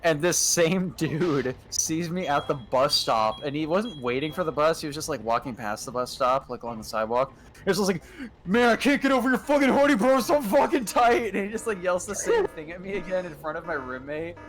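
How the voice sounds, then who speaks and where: A young man in casual chat, telling long rambling stories with a steady stream of filler words. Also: on the high side, fairly quick. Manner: rambling storyteller, heavy on filler "like".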